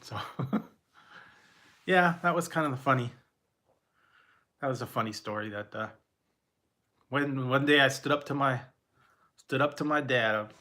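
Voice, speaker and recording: A man tells personal stories in a loose, rambling way. He stops and restarts his sentences and chuckles often. His voice is bright and forceful at a middling pitch. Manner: rambling, halting, laughs often. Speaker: vlogger. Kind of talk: casual personal storytelling.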